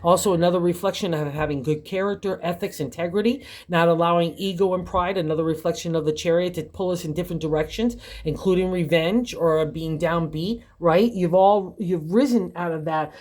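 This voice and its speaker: A woman's voice: lowish voice, a little fast, few pauses, a little mellow. An older woman giving a casual, encouraging tarot reading, chatty and full of conversational fillers. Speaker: tarot reader.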